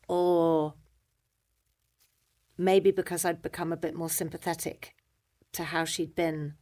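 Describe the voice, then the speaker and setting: A middle-aged British woman, a guest in a conversation, telling a personal story in an animated way and acting out the voices she quotes. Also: lowish voice. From Britain.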